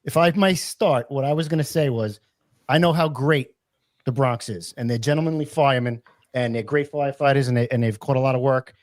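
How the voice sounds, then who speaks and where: A man's voice: mid-range voice, brisk, no echo. A man, a retired firefighter, answering questions bluntly and swearing freely. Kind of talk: casual chat.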